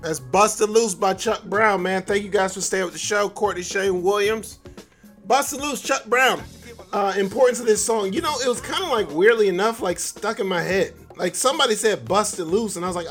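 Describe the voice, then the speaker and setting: A man's voice: high-pitched, expressive, moderate pace, a bit bright, faint music behind. A man hosting a solo podcast, talking loosely and joking, often breaking into laughs. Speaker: podcast host. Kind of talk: casual solo podcast monologue.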